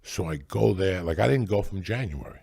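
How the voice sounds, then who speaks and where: A man in his sixties with a raspy, gravelly voice, telling profane rambling stories as a podcast host. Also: deep voice, animated, fairly quick, darkish tone. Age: 60s. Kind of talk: casual storytelling chat.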